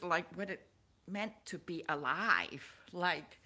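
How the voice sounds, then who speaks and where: Slow-talking, emotional woman vlogger. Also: on the low side. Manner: rambling, restarts and repeats words, excitable. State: emotional, stirred up. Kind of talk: personal vlog, emotional monologue.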